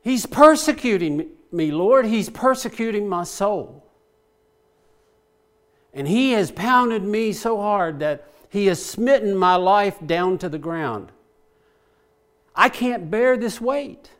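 A man's voice: high voice, animated, takes it slowly. A male preacher giving a sermon, praying aloud with passion as he paraphrases scripture.

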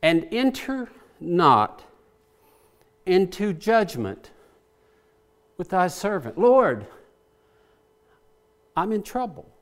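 Impassioned high-voiced male preacher. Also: very animated, very slow, long pauses. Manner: impassioned, praying aloud as he paraphrases scripture. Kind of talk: sermon.

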